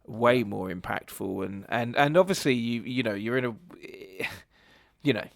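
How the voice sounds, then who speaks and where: A man's voice: medium pitch, unhurried, vocal fry, no echo, clean studio sound. A man co-hosting a podcast, rambling hesitantly with restarts about a film. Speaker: podcast co-host. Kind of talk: casual film review chat.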